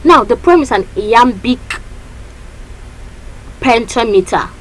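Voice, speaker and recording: A woman teaching a literature lesson, lively and repetitive, often checking that her students understand. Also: a little high, slow, poor audio.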